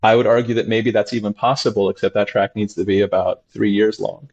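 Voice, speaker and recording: A man, a doctor talking as a guest, telling stories animatedly and acting out his patients in sudden high voices. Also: fairly even intonation, a little fast, darkish tone, muffled recording. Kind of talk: animated conversational storytelling.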